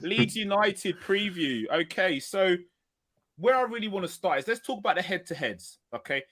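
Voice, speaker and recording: A man hosting a football podcast in an excited, chatty way, full of energy as he brings in his co-hosts. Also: high-pitched, moderate pace. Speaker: podcast host. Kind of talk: excitable casual podcast chat.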